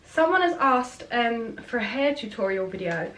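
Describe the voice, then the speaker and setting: A woman's voice: on the high side, lively intonation, moderate pace, a bit bright, recorded from a distance, faint music behind. A woman chatting frankly and casually while doing her makeup, rambling with fillers. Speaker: beauty vlogger.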